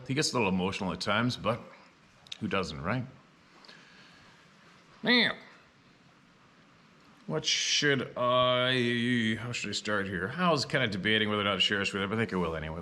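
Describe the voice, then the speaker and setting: A man's voice: fairly low pitch, moderate pace, long pauses, bright, forceful tone. A man telling rambling, blunt stories in a casual vlog, swearing now and then. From Canada. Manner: blunt and profane, with frequent asides. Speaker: vlogger.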